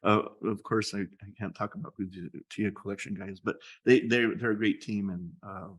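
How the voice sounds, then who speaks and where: Halting man chatting as an interview guest. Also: lowish voice, fairly even intonation. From United States. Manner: halting, repeats words, laughs easily. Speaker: gallery owner, guest. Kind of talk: casual interview chat.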